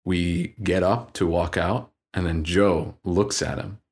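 A man co-hosting a podcast, telling a story in a casual, animated way. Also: sits low, slow pace, husky. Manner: animated storyteller, acts out dialogue. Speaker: podcast co-host.

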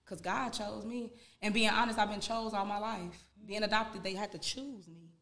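A young woman from Gary, Indiana, a music artist guesting on a podcast, talking in an animated, outspoken and emotionally open way. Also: mid-range voice, normal speed. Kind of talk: casual podcast chat. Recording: echoey room.

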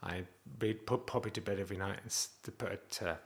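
A man's voice: low-pitched, quick pace. A man talking candidly to camera in a personal vlog about being a dad, earnest and rambling, often restarting his sentences. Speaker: vlogger and father.

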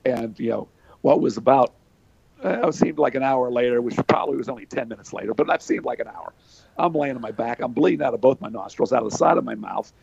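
A man's voice: mid-range voice, fast, vocal fry, a little mellow, slightly rough, no echo, muffled recording. An older man from Pennsylvania, telling stories in a folksy way with lots of fillers. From Pennsylvania, USA. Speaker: interview guest, former wrestler. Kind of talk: storytelling in casual chat.

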